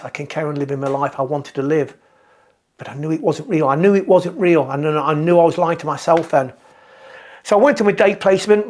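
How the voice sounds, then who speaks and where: A middle-aged British man telling his own story of addiction and recovery in a candid, reflective way, often halting and restarting his sentences. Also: on the high side. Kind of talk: personal testimony.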